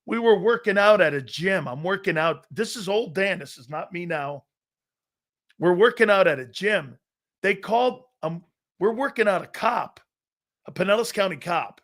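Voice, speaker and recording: Male sports talk host in his fifties, brash and boastful, fairly high-pitched, restarts often and acts out quotes. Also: expressive, normal speed, fairly bright tone. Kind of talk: casual sports talk storytelling.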